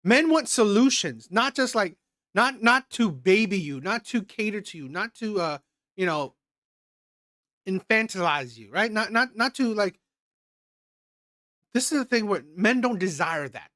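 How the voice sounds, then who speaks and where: A man's voice: high-pitched, expressive, unhurried, long pauses, bright, forceful tone, dry recording. Emphatic ranting male commentator, dry sound. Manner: emphatic, repetitive, swearing, frequent "right?". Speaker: streamer reacting to a clip. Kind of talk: opinionated commentary.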